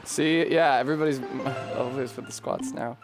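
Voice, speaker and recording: A man's voice: mid-range voice, moderate pace, loud music behind the voice. A man live-streaming from a room at home, chatting casually with his viewers, laughing often and swearing freely. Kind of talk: casual live-stream chat while gaming.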